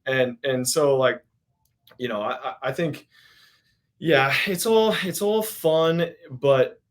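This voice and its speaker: A man's voice: medium pitch, takes it slowly. Rambling man telling stories. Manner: rambling, many fillers and restarts. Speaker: podcast guest. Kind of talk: casual storytelling chat.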